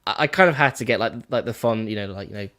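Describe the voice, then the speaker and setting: A man's voice: on the low side, fast, pushed and bright. A young man, a guest on a live stream, chatting casually and rambling with many fillers. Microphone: headset or desk mic on a video call.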